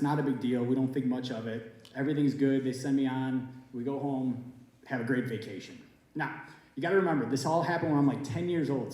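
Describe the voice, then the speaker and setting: Male teacher, about 40, casual storyteller, warm tone, booming hall reverb. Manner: casual, conversational, with many fillers. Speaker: teacher telling a personal story. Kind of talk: storytelling at a school writers event. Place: school auditorium or hall. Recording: very echoey hall.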